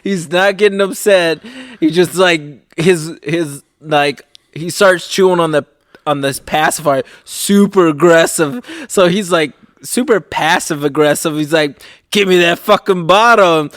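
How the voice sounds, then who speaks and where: Slow-talking, laid-back man. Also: fairly high pitch, no room sound, studio quality. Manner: laid-back, swears a lot, laughs while telling stories. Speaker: podcast co-host. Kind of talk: casual chat.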